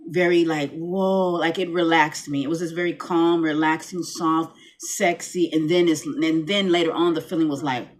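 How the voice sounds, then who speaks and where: A woman's voice: low-pitched, fairly even intonation, normal speed, few pauses. A chatty middle-aged woman vlogs from a dimly lit room at home. She rambles easily, circling back and restarting her thoughts as she talks. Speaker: vlogger. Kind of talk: casual chat to camera. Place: home room, lights dimmed.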